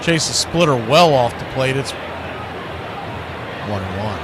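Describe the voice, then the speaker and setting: A man calling a baseball game pitch by pitch as the stream's play-by-play announcer, rising in excitement on big plays. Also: slow pace, a crowd in the background, noisy background.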